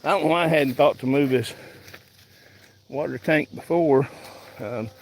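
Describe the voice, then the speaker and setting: A farmer films his chores outdoors in a pasture on a handheld phone, chatting casually to viewers in a slow rural drawl and a bit out of breath from hauling. His voice is medium-pitched, the recording is rough, and there's slight background noise.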